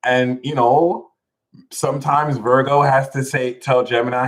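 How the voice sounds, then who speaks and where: A man giving a live astrology talk to his audience in an animated, jokey manner with plenty of swearing. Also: mid-range voice, moderate pace, rough recording. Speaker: astrology reader.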